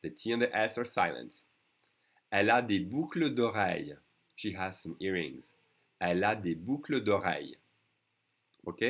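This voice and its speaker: A man's voice: sits low, expressive, moderate pace, pauses often, fairly bright tone. A man with a French accent, a native speaker teaching a beginners' language lesson online, patiently repeating each phrase.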